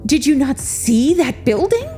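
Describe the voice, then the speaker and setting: A woman's voice: very animated, a little slow, faint music behind. A woman doing a frantic, sarcastic young man. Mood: panicked. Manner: high-pitched, frantic shouting.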